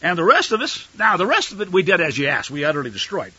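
A man's voice: high voice, very animated, fast, pushed and bright, breathy edge, dry recording, heavily acted. Man doing a stammering excuse-making king. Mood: defensive. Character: evasive, excuse-making ancient king, defensive. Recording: dull lo-fi recording.

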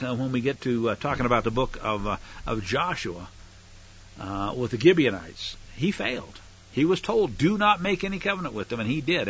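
A man's voice: a little high, fairly bright tone, slightly rough. A man teaching a Torah portion, reading scripture aloud with emphatic swells and then explaining it in a casual way. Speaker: Bible teacher. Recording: dull lo-fi recording.

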